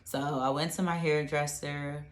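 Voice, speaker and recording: A woman with a very low voice talks casually to the camera in an echoey room at home. She rambles and fills her speech with "like" and "you know.". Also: little pitch movement, unhurried. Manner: chatty and rambling, many fillers. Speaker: vlogger.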